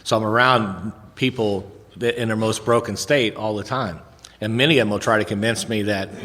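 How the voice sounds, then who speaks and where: A man's voice: lowish voice, steady tone, normal speed, fairly bright tone. Man sharing in a reverberant hall. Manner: earnest storytelling with repetitions and restarts. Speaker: recovery speaker. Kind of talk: recovery meeting share.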